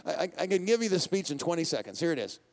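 A man's voice: a little high, big pitch swings, fast talker, gravelly, a little mellow. A man, preaching a sermon as pastor in a conversational style, putting questions to the congregation and laughing often.

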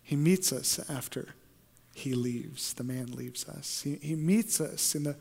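A man preaching with a high-pitched voice, his words trailing into a long hall reverb. He drops to a near-hush, then builds to fervent, loud peaks. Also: a little slow, gravelly. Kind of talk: sermon.

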